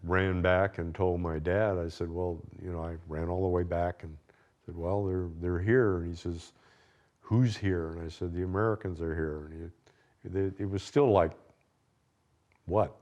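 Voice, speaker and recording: A man's voice: low voice, steady tone, normal speed, a little mellow. A man in an interview recalling wartime, hesitant and repeating words. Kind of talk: interview recollection.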